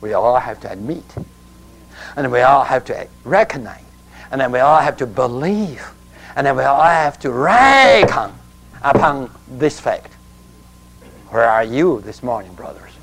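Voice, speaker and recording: Male preacher, emphatic sermon delivery, slow with wide pitch swings. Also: animated, fairly bright tone, a little hiss or hum, rough recording. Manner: emphatic, leads call-and-response.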